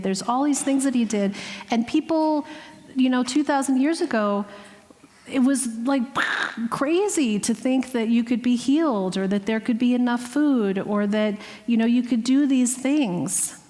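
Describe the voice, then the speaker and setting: A woman giving a heartfelt, earnest sermon as guest speaker, sometimes dropping to a hushed voice. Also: a little high. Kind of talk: sermon with personal story. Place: spiritual center sanctuary. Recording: long hall reverb.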